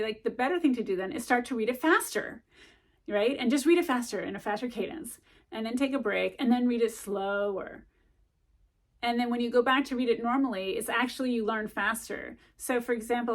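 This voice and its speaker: A middle-aged woman chatting casually to camera as a vlogger, rambling with lots of ums and likes as she gives study tips. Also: a little high.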